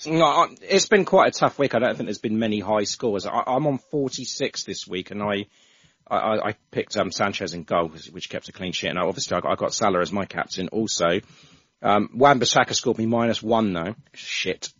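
A man's voice: lowish voice, fairly quick, a bit bright, breathy edge, dry recording. Chatty male podcast host, stumbling restarts, muffled dry recording. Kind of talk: casual football podcast chat. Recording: dull, dry, lo-fi sound.

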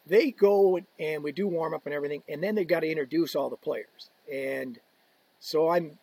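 A man telling a story on a podcast as a guest, animated, swearing often and acting out what people said. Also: on the high side, normal speed, creaky, slightly rough, no room sound, low-quality recording. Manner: animated, swearing, acts out quotes. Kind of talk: casual storytelling.

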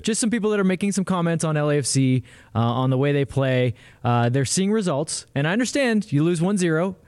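A man's voice: fairly high pitch, animated, brisk, darkish tone, clean tone, dry recording, studio quality. A man co-hosting a casual sports podcast, wry and hesitant, with frequent restarts. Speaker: podcast co-host.

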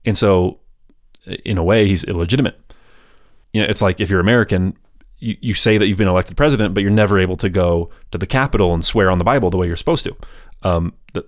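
A podcast host telling a history story in a casual, chatty way, with wry grumbling asides. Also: male voice, low-pitched, no room sound, clean studio sound.

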